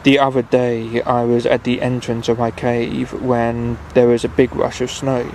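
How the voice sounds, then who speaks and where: A man's voice: medium pitch, monotone, measured pace, a little mellow, slight background noise, natural voice, low-quality recording. A man doing a mournful dragon with a cold, whimpering. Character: sad, lonely male dragon with a cold.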